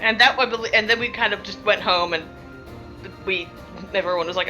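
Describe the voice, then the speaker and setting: A woman's voice: medium pitch, brisk, pushed and bright, highs cut off, soft background music. A woman who plays in a tabletop game, recapping a session casually, rambling and laughing, with lots of filler words.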